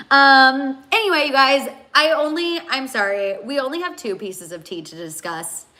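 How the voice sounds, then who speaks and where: A woman's bright, forward voice carries a loose, rambling livestream chat full of fillers. She is emotional and teary as she reads out viewer comments. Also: high voice, unhurried. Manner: chatty and rambling, many fillers. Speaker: host.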